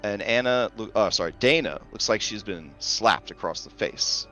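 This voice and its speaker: A man's voice: fairly low pitch, expressive, moderate pace, sharp tone, soft background music. A man narrating as game master of a horror tabletop game, describing scenes and joking with players. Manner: descriptive, slips into character voices.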